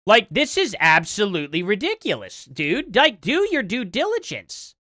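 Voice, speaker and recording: A livestream host fires back at clips in live reaction commentary, rebutting every claim and demanding proof. The pitch swings a lot from phrase to phrase. The voice is dry and close, with no room sound. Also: huge pitch swings, normal speed, bright, forceful tone, dry recording.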